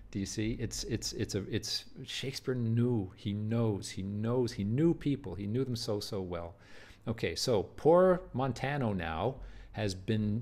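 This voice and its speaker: A man's voice: mid-range voice, darkish tone. A man teaching a play in a video lecture, earnest and emphatic, often repeating words and checking "do you see?". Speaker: literature teacher.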